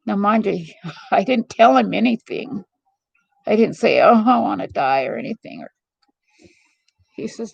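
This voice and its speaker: A woman's voice: medium pitch, expressive, normal speed, creaky, pauses often, a little mellow, breathy edge, no room sound, highs cut off. A middle-aged woman hosting a live stream vlog, talking in a rambling, earnest and heartfelt way. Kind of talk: casual confiding monologue.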